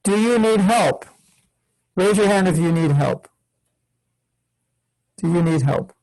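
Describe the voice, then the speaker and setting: A man's voice: high voice, a little mellow, rough recording. An older man, a spiritual teacher, leading an online workshop for children, patient and questioning, acting out examples of chanting. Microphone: video call.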